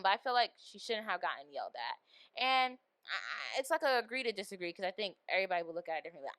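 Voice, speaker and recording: A young adult woman hosting a podcast, chatting casually about a movie and acting out lines with animated delivery. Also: medium pitch, no echo. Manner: animated, acts out quoted lines. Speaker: podcast host. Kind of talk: casual movie review chat.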